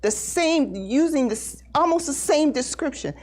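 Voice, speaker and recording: Earnest woman with a lively, rising voice. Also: high-pitched. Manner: earnest, halting, repeats words, voice rises when emotional. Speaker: congregation member sharing testimony. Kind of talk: emotional personal testimony at a Bible study.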